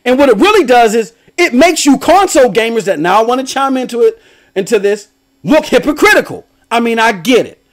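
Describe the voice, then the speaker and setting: Brief: middle-aged male stream host, high and very lively voice, animated, slangy, laughs often. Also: a little fast. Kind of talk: casual livestream commentary.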